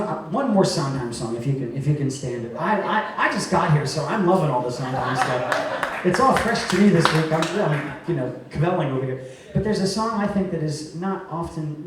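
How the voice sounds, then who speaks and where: A man from Rhode Island, a cabaret singer speaking to a live audience as he presents an award, chatty and joking, then going soft and tender. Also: on the high side, background noise. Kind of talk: live stage speech to an audience. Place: cabaret venue stage. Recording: echoey room heard from a distance.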